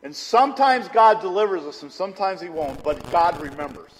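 High-voiced preacher man in a reverberant hall. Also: expressive, fairly quick, few pauses. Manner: conversational preaching with personal stories. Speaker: pastor. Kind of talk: sermon.

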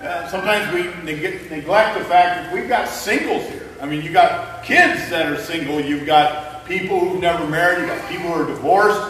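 Joking pastor in an echoey hall. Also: male voice, a little high, moderate pace, hardly any pauses, a bit bright, a little hiss or hum. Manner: conversational, joking preacher. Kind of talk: sermon. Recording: echoey hall mic from far off.

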